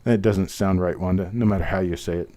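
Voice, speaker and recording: A man runs a live online coin auction, calling out bids in a steady, rhythmic patter. His voice sits low and sounds warm and relaxed. Between lots he chats and jokes at his own expense. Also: brisk. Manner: chatty, self-deprecating, rhythmic bid calling. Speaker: auctioneer host.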